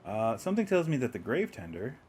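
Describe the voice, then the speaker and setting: A man's voice: mid-range voice, sing-song, a little fast, darkish tone, slight background noise. A man streaming a video game, chatting casually to himself and the game with frequent chuckles. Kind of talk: casual gameplay commentary.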